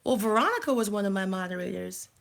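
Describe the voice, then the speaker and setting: A woman's voice: medium pitch, lively intonation, fast, creaky. A woman hosting a casual live stream, chatting and thinking aloud while she fumbles through her channel settings. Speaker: life coach and channel host.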